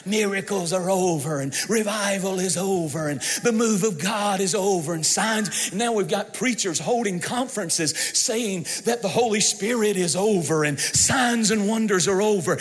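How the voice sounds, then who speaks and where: A man, a pastor preaching a sermon, shouting and drawing his words out in a sing-song way. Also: sits high, unhurried, hardly any pauses, soft background music. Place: church sanctuary. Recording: reverberant hall.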